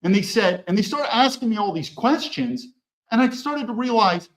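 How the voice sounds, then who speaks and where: Male podcast guest with a high, animated delivery and a blunt, profane edge. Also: normal speed, rough recording. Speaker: podcast guest, former federal agent. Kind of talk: animated conversational storytelling.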